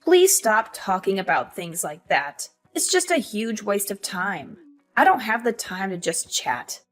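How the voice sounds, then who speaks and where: A woman voicing a cold, scornful middle-aged mother in an animated story, with a cutting, dismissive way of talking. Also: mid-range voice, measured pace, faint music behind.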